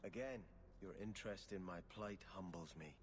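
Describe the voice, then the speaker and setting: A man's voice: sits low, normal speed, natural voice. An actor playing a formal, earnest young nobleman archer in a fantasy video game, speaking courteously. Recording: game audio with clear background noise.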